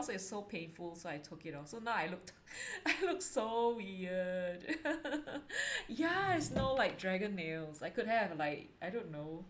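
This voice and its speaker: A woman's voice: lowish voice, a little hiss or hum. A woman hosting an art livestream in casual, chatty talk, giggling often and filling her speech with "like" and "um". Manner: chatty and giggly, full of fillers.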